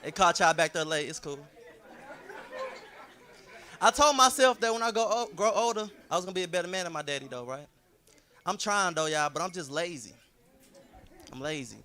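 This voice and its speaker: A man's voice: high-pitched, lively intonation, moderate pace, pauses often, pushed and bright, a faint crowd. A man from St. Louis doing a laid-back, conversational stand-up set. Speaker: stand-up comedian.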